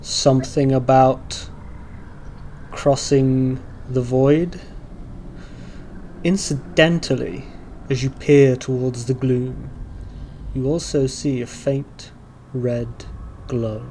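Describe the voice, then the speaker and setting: Slow, measured male game master. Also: medium pitch, fairly even intonation, warm tone, slight background noise. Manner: slow, measured scene description. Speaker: dungeon master. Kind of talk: narrating a tabletop game. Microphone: online voice call.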